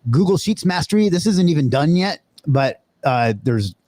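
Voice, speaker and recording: A man's voice: a little high, animated, normal speed, darkish tone, dry recording. A man hosting a live webinar in a loose, casual way, swearing now and then and using lots of fillers. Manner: loose and profane, with many fillers. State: out of breath.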